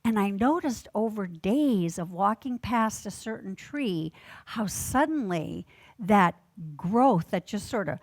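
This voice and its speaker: A woman minister preaching a sermon, telling gentle stories with measured emphasis. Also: mid-range voice, dry recording.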